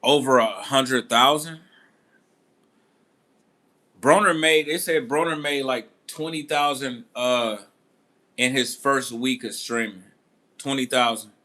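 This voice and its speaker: A man's voice: medium pitch, slow pace, pauses often, sharp tone. A man hosting a boxing channel, telling a story in casual commentary with a laid-back manner, acting out quotes now and then.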